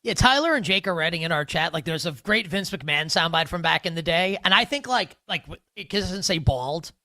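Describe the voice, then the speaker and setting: A man's voice: on the high side, expressive, brisk, bright, forceful tone, no room sound. A man hosting a live sports betting show, joking loosely and rambling with restarts. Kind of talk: casual live show chat.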